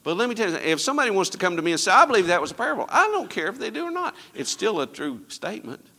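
A man preaching a sermon as pastor, swinging between loud emphatic lines and quiet, low asides. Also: big pitch swings, quick pace, creaky, long reverb tail. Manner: preaching with sweeping rises and drops in pitch and loudness.

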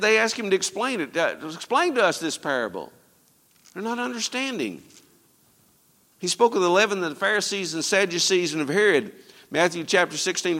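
A man preaching a sermon as pastor, his voice sitting a bit high for a man. He swings from loud, emphatic lines down to quiet, low asides. Long reverb hangs behind him, as in a church hall. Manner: preaching with sweeping rises and drops in pitch and loudness.

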